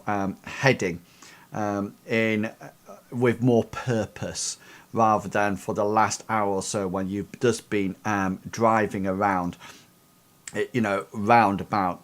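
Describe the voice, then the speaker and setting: A man narrating a tabletop game as game master, hesitant and full of restarts. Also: fairly low pitch. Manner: hesitant, lots of fillers and restarts.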